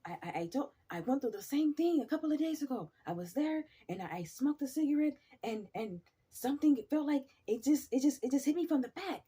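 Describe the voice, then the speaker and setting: A man's voice: very high-pitched, expressive, a little fast, hardly any pauses, dark tone, voice pushed up. A woman doing an earnest Cuban coworker guy. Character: easygoing Cuban male worker.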